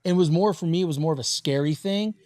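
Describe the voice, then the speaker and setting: A man in his forties hosting a podcast, telling stories in a casual, animated way and swearing freely. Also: a little high, fast talker, no room sound. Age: 40s. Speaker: podcast host. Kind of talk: casual interview chat.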